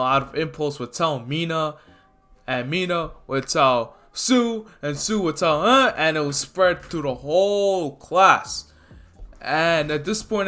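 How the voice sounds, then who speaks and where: A man's voice: on the high side, sharp tone. A man casually narrating a fan story, rambling with many fillers. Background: faint lofi music.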